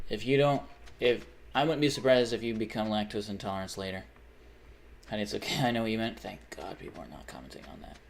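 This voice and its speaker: Rambling, swearing young male streamer. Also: on the low side. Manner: rambling, swears often, reads chat aloud. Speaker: livestreamer. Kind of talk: casual live-stream chat.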